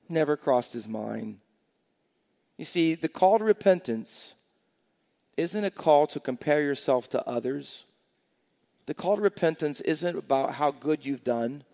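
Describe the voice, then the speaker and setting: A pastor telling a story and preaching with emphasis. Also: male voice, on the high side, creaky, darkish tone, big-room sound. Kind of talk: sermon.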